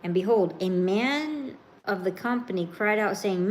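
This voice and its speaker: A woman preaching a sermon, reading scripture and then explaining it in a slow, emphatic, informal way. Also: mid-range voice, lively intonation, slight background noise.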